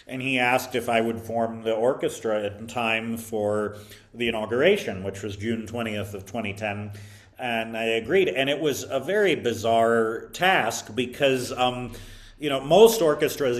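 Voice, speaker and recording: A man recounts his teaching years in an interview at a middle pitch. He speaks thoughtfully and haltingly, often pausing, restarting sentences and filling gaps with small hesitations. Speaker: interview guest, violin teacher. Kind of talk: reflective interview storytelling.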